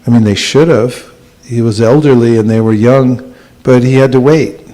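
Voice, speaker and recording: A man teaching a scripture class and taking questions, speaking in a measured way with gentle dry humor. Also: medium pitch, steady tone, rough recording. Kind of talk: class talk with audience questions.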